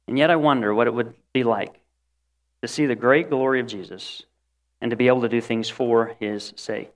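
A man preaching a sermon in an animated way, acting out the voices of the people he quotes. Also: medium pitch, moderate pace.

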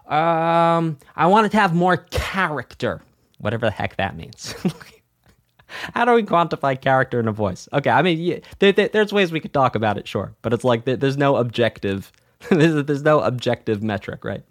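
Energetic man coaching on music. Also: medium pitch, brisk. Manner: energetic, repetitive, storytelling with acted quotes. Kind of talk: casual advice talk.

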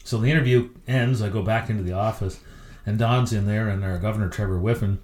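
A middle-aged man with a very low voice tells coaching stories at a brisk clip. He speaks as a guest in a podcast interview and is a lively, anecdotal storyteller. His voice carries a noticeable room echo.

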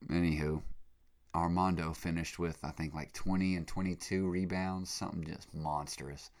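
A young man with a very deep voice hosts a laid-back podcast monologue. He sounds congested from being sick. He rambles excitably and leans on slang fillers. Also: normal speed. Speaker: podcast host. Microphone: podcast mic.

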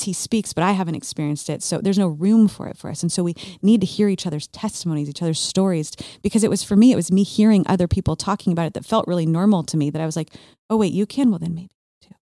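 A guest in her forties shares her faith testimony as casual, conversational storytelling, speaking quickly in a low, warm voice. She grows animated, acting out her past thoughts in quick little asides. The recording is close and dry, with no room sound or echo.

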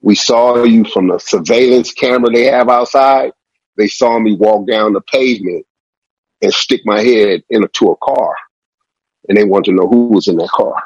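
A man with a low, gravelly, husky voice tells a rambling, profane story from the streets as a podcast guest. The sound is dry and a little dull, as on a lo-fi recording. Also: normal speed, a little mellow, no echo. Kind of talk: storytelling interview.

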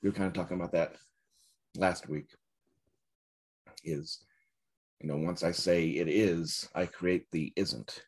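A man giving a dharma talk as a Zen teacher, reflective and searching, with soft laughs. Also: sits low, steady tone, measured pace, pauses often, slightly rough.

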